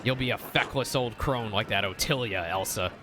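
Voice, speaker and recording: A man's voice: fairly low pitch, moderate pace, natural voice. A man reading the lines of a harsh, bullying older miller from a story game, in a contemptuous scolding tone, over a noisy background.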